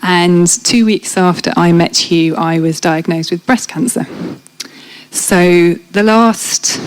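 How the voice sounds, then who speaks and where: A woman's voice: on the low side, rough recording. A woman, speaking frankly and chattily, with many fillers, as she gives a faith testimony in an interview. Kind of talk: casual conversational testimony. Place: church event.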